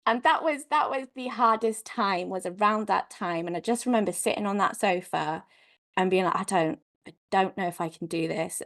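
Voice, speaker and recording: A woman speaks as a podcast guest in an open, conversational way. Her voice sits at an ordinary middle pitch. She talks frankly and expressively, filling her story with "like" and the occasional curse. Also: creaky. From Wales. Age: adult mother. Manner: frank, expressive, peppered with "like" and mild swearing.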